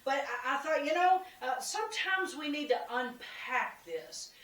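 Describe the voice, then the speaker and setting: Chatty woman, slightly high, roomy sound. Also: animated, measured pace, fairly bright tone. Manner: chatty and humorous, laughs at herself; encouraging, speaks straight to listeners. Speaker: devotional host. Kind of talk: casual weekly devotional talk. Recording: roomy, from a distance.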